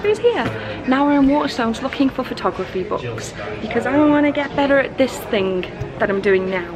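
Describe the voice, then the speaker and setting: A woman's voice: high-pitched, big pitch swings, moderate pace, music in the background, rough recording. Chatty woman vlogger with a migraine. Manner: chatty, rambling, self-deprecating. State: suffering a migraine. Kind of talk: casual chat vlog.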